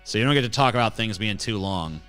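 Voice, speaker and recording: Talking fast and expressively, a male streamer with a lowish, smooth, fairly bright voice rants at his chat. He's brash and mocking and swears constantly into a close handheld mic, with faint music behind him.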